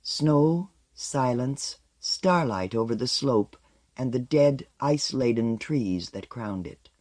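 Man reading a story, lively pitch. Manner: measured, expressive storytelling with dropping line ends. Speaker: narrator. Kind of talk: audiobook narration.

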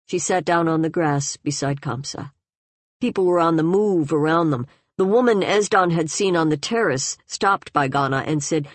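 A woman narrating a novel in a measured, even way. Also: low voice, no echo. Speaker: audiobook narrator. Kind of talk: scripted narration.

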